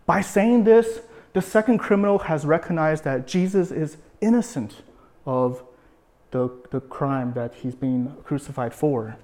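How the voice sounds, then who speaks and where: A man's voice: fairly high pitch, expressive, normal speed, a little mellow. A man giving a sermon, explaining a scripture passage in a conversational way with frequent fillers and repeated words. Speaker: preacher.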